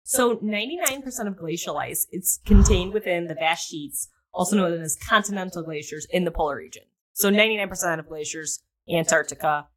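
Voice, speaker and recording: A woman's voice: on the low side, brisk, few pauses. A woman co-hosting a podcast in casual chat, explaining with lots of fillers and the odd swear. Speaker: podcast co-host.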